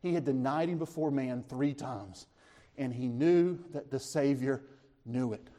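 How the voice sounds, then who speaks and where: A man preaching a sermon, retelling scripture as a story, asking his listeners questions and lifting his voice when he speaks the disciples' lines. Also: unhurried. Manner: animated storytelling, voices the disciples' words with rising pitch; conversational, asks the listeners questions.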